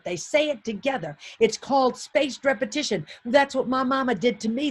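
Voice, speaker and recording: A woman's voice: a little high, slight background noise. A middle-aged woman giving a comedic motivational keynote. She tells exuberant stories and hammers her points home with punchy repetition.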